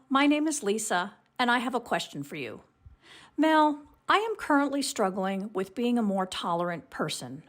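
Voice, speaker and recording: A woman records a question for an advice show and speaks bluntly, fed up with the people around her. Her voice is on the high side and swings widely in pitch as she talks. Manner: frank, exasperated, blunt about her frustration. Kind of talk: recorded voice message.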